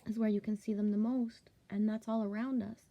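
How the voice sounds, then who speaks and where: Brisk and warm, with little pitch movement, this mid-range female voice comes through with no room sound. The Ontario vlogger is telling a personal story casually, full of swearing and "like" fillers, sometimes dropping into whispers.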